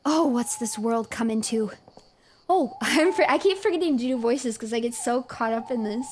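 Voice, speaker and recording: A woman streamer reacts to a horror game in an animated, exasperated way, reading its dialogue aloud. Her voice sits fairly high, and faint background noise runs under it. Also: normal speed. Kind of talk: live game commentary.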